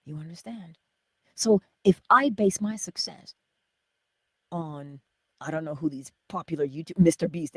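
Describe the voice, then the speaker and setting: A woman hosting a motivational livestream, with a husky voice, laughing often and answering her chat. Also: sits low, moderate pace, dry recording, clean studio sound. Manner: animated, laughing, talks to chat. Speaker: livestream host.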